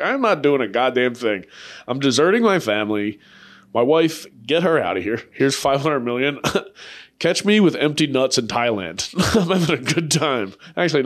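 A young man hosting a comedy podcast, rambling in crude, profane bursts and laughing often at his own jokes. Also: medium pitch. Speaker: podcast host.

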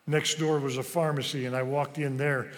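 A man's voice: medium pitch, level tone. Earnest storytelling man in a reverberant hall. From West Africa. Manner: earnest, emotional, slow pauses with hesitations. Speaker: speaker. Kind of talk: personal storytelling speech. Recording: long reverb of a large hall.

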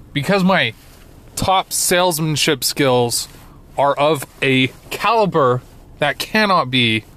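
Slow, playful young man telling a story. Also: medium pitch. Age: 20s. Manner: animated, playful, self-mocking bravado. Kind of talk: comedic storytelling to camera.

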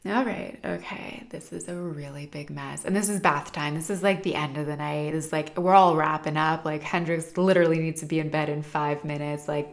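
A woman's voice: low voice, gravelly. A woman in her thirties, a parent, talking earnestly to camera in a casual, chatty way, full of "like" fillers.

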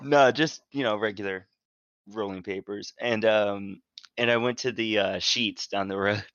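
A man's voice: on the low side, steady tone, unhurried, fairly bright tone, clean tone, no echo, muffled recording. Rambling, profane casual podcast guy. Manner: rambling, profane, lots of fillers and restarts. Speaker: podcast co-host. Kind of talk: casual chat, storytelling.

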